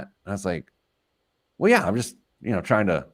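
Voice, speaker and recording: With a lowish voice, big swings in pitch and normal speed, a man who's both a financial planner and radio host shares self-deprecating stories about his own life. He laughs at himself as he goes.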